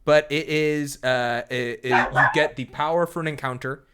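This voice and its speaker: A man running a streamed tabletop game as game master, chatty, with frequent fillers and quick laughs. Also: a little high, steady tone, fairly bright tone, clean tone.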